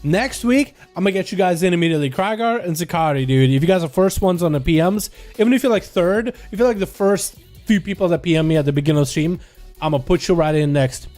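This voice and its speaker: Slangy, laid-back streamer man, higher voice. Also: lively intonation, quick pace, darkish tone, soft background music. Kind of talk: live game commentary and casual chat with viewers.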